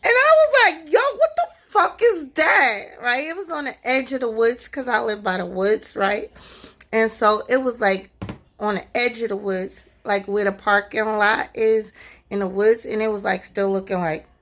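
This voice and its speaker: A woman from New Jersey telling a scary story in a casual vlog, excitable, swearing freely and saying "like" and "right?" a lot. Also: mid-range voice, moderate pace. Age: adult with a son. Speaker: vlogger.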